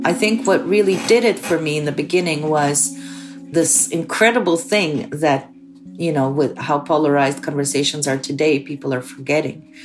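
A woman from the former Soviet Union telling her personal story with emphatic, animated delivery. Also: sits low, normal speed, over music. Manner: emphatic, rising when recalling anger.

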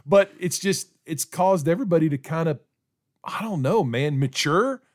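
A man's voice: a little high, animated, normal speed. A man in his forties on church staff, hosting a casual podcast chat, rambling with many restarts.

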